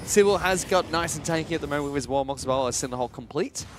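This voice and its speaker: A man calling play-by-play for a video game match in a slightly raised voice. He builds excitement as fights break out. Music can be heard clearly behind him. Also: fairly high pitch, fast talker. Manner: rising excitement on kills. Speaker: esports commentator. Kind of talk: play-by-play commentary.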